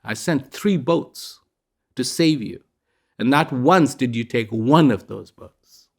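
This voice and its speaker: A man's voice: mid-range voice, animated, takes it slowly. A man voicing God as exasperated and blunt. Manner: dry, exasperated, matter-of-fact. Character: exasperated male God, patient but blunt.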